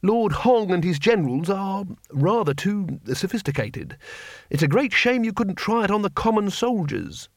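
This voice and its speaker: Male narrator doing polite diplomatic teacher, mild and measured. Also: high-pitched, big pitch swings, dry recording, studio quality, voice pushed up. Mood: courteous.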